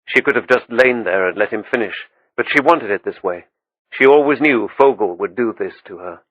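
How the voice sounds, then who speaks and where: A male audiobook narrator with a low voice, reading in a steady, measured way. The recording is dry and somewhat muffled. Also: dry recording. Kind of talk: scripted narration.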